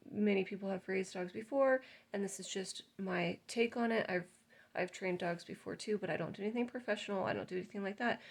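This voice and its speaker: A woman's voice: medium pitch, creaky. A woman in her thirties, a dog breeder, talking casually to camera in an earnest, chatty way with many fillers. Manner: chatty, earnest, with fillers and sudden loud acted exclamations.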